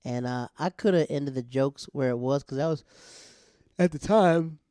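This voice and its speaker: A man's voice: mid-range voice, normal speed, mellow, clean tone, dry recording. A man, a stand-up comedian, telling family stories in a casual monologue, often laughing as he talks. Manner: laughs often while telling, acts out family members' voices. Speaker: stand-up comedian, podcast host.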